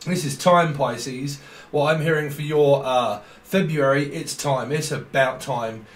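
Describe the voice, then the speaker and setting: A man's voice: on the high side, measured pace, roomy sound. A man giving a casual tarot reading, playful and rambling, breaking into laughs often. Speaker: tarot reader.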